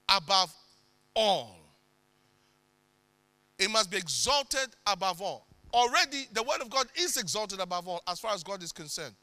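A man preaching a sermon with dramatic swings into sudden loud bursts. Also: high voice, dry recording.

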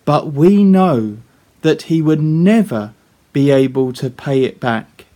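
A male preacher retells a parable in a slow, deliberate sermon. His voice sits somewhat high for a man. He speaks earnestly and often turns to his listeners with rhetorical questions. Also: lively intonation, mellow.

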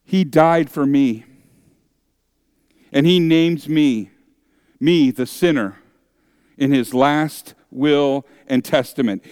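A man delivers a sermon in a clean, resonant voice that sits a little high for a man. He speaks slowly and deliberately, dramatizing the voices of accusers. The sound is dry and close. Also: darkish tone, clean tone, no echo. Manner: dramatic, acts out objectors' voices. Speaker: pastor.

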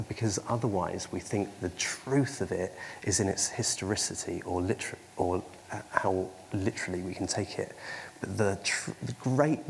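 A man's voice: on the low side, creaky. A man preaching a sermon, hesitant, with frequent ums and restarts and wry self-mocking humour. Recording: long hall reverb, faint background noise.

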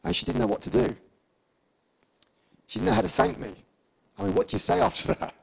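Gravelly-voiced man preaching a story. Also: high-pitched, a little fast, poor audio. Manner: lively storyteller who acts out dialogue and laughs along. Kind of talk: sermon testimony storytelling.

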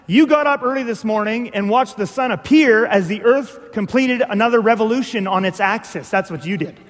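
A male pastor preaching a sermon, animated and full of rhetorical questions, acting out little dialogues. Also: high voice, normal speed. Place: church hall. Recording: long hall reverb.

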